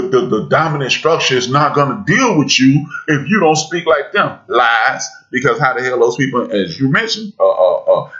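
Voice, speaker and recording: A man from the United States hosts a podcast, speaking with a bright, forceful edge and an emphatic, preacherly drive that swells to loud peaks. His pitch sits in an ordinary middle range. The audio is slightly muffled. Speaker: podcast host. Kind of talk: impassioned podcast discussion.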